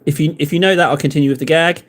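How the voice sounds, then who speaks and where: A man's voice: fairly high pitch, fairly even intonation, rapid-fire. A man chatting casually and rambling in jokes to his viewers while he paints models on a live stream. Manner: rambling, jokey, talks to viewers in chat.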